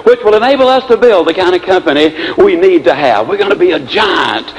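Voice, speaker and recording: A man's voice: sits high, lively intonation, a little fast, rough recording. A man voicing a hot-tempered company boss who rants indignantly at his staff. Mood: earnest. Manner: indignant, ranting.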